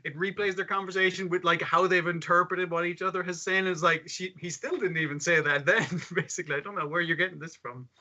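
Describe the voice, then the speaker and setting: Brief: upbeat male podcast host, bright slightly high voice, muffled lo-fi sound. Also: a little fast, few pauses. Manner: animated, swearing, acts out characters' lines. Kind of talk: casual chat about anime. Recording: muffled, lo-fi audio.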